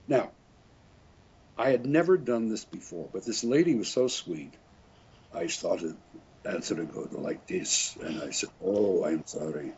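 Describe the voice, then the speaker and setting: A man's voice: lowish voice, animated, unhurried, pauses often, darkish tone, slight background noise. An older man, a French horn player, telling rambling anecdotes in a casual interview, often chuckling and correcting himself. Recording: dull lo-fi recording.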